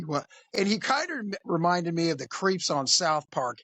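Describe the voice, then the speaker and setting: A man, a police officer, telling a crude story in an animated, conversational way. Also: on the high side, normal speed, few pauses, no echo. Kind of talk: casual storytelling.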